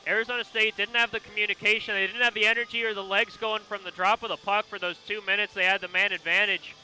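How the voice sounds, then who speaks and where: A man offering hockey color analysis in a high, very bright voice. He talks through the game in longer reflective sentences, with faint music behind him. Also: level tone, fast talker, poor audio. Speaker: color commentator.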